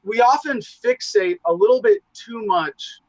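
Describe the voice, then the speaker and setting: A man in casual podcast conversation, talking in animated, profane, rambling asides. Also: very high voice, measured pace, no echo, poor audio. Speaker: podcast guest, show host.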